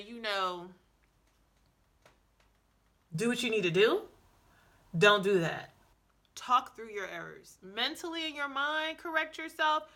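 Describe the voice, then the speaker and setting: Bright, chatty woman vlogger. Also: medium pitch. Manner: chatty, many "like"s and self-corrections; lively, playful asides. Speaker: language-learning vlogger. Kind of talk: casual advice vlog.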